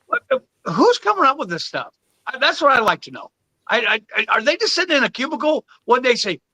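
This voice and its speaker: A man with a very high, very bright voice and lively pitch chats on a sports podcast. He is laid-back and often stammers and repeats himself as he thinks aloud. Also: a little fast, rough recording. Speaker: podcast co-host. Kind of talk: casual sports podcast chat.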